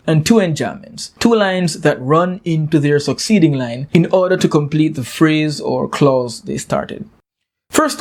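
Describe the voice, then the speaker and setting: A man giving a scripted poetry lesson, explaining meter and structure in a clear, measured way and reading verse slowly with dramatic pauses. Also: fairly high pitch, a little mellow. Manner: slow, dramatic poem reading with deliberate pauses. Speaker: English literature teacher.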